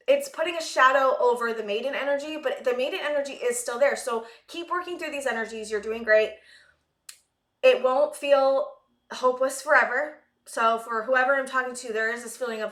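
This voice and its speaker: A breathless woman reads tarot cards for her viewers, her voice bright and a little high. She rambles and hunts for words, sighing between thoughts. The room around her rings with echo. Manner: rambling, searching for words, many fillers and sighs. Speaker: tarot reader. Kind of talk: collective tarot reading to camera.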